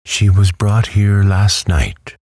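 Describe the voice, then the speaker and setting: A man voicing an old workhouse nurse woman in a hushed, slow bedtime reading of a classic novel. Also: on the low side, dry recording, studio quality, pitched above the performer's own voice. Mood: matter-of-fact.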